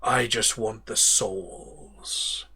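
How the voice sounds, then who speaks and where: Unhurried bright-voiced male game master. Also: lowish voice, creaky, husky. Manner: unhurried, stops to correct himself. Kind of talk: narrating a tabletop game.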